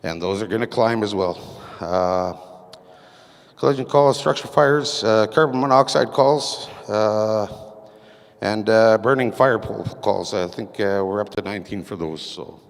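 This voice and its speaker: A man giving a council portfolio report at a community meeting, halting with many fillers and reading from his notes. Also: lowish voice. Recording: echoey meeting hall reverb.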